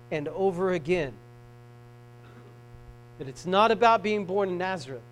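A man preaching a sermon in a church, reading scripture aloud and swinging from soft, slow passages to loud shouting. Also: high voice, lively intonation, poor audio. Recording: mains hum. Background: hum.

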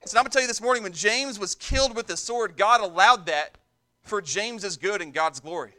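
High, bright-voiced preacher man. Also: fairly quick. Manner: emphatic preaching, repeats words for stress. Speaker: pastor. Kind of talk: sermon.

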